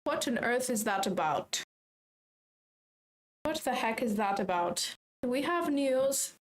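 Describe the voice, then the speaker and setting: A young woman hosting a trading livestream, chatty and excitable, swearing casually. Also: on the high side, slow pace, low-quality recording. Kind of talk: casual live commentary.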